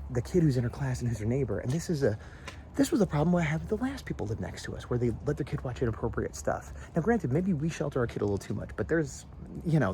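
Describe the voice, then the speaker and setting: Standing outside his house at dusk, a male vlogger chats casually and rambles through his stories. His voice is medium-pitched, there's slight background noise, and he tells the tales with animation, imitating other people's voices.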